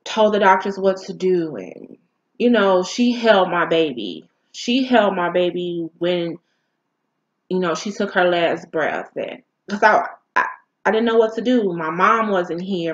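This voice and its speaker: Woman telling a painful story, lo-fi. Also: lowish voice. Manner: emotional, halting, candid storytelling. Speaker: vlogger. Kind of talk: personal storytime.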